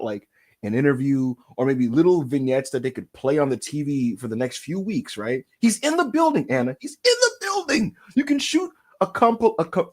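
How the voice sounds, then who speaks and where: A man co-hosting a wrestling podcast, ranting in a casual, profane and exaggerated way. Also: a little high. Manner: animated, profane, exaggerated storytelling. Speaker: podcast co-host.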